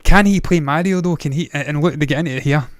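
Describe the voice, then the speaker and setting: Male movie-news host, fairly high voice, smooth and dry; swears freely and rambles off on tangents. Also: fast talker, no echo. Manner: blunt, profane, rambling with tangents. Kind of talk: casual solo commentary.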